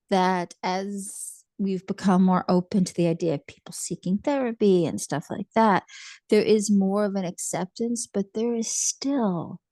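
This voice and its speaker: A woman's voice: mid-range voice, warm tone, dry recording. A woman therapist talking in an earnest, reassuring way in a casual chat.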